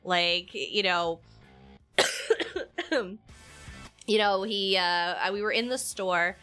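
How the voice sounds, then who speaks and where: A woman talks casually with a bright, forward voice. She tells animated stories and laughs often. Faint music plays behind her. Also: mid-range voice, very slow. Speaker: streamer and mother. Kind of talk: casual chat.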